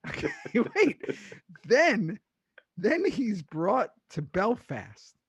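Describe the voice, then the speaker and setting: A middle-aged man hosts a podcast in loose, animated chat, swearing freely and laughing as he talks. His voice is husky and sits slightly high for a man. The recording is close and dry. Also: very slow, no room sound. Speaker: podcast host recapping a TV episode. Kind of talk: casual chat.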